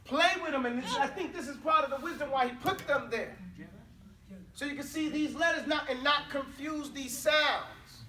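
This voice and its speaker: A man teaching Arabic pronunciation to a class, loudly modelling sounds for students to repeat and then explaining them. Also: extremely high pitch, moderate pace. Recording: roomy classroom, far from the mic, class audible.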